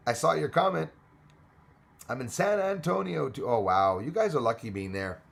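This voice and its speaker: A man's voice: mid-range voice, animated, normal speed, vocal fry. A man hosting a casual live stream, chatting with viewers, greeting them by name and laughing often. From Australia.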